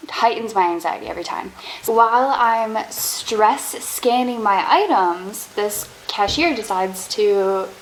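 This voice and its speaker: A young woman from Canada, telling quick, self-deprecating stories about embarrassing moments in a casual storytime vlog. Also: mid-range voice, low-quality recording. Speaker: vlogger.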